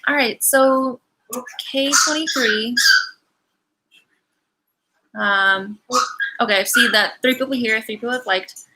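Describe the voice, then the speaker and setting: A woman's voice: a little high, slow, long pauses, noisy background. A young woman hosting a live card-reading Q&A from her home, chatting casually and rambling with many fillers and apologetic asides. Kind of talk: casual livestream chat. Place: her home, animals around.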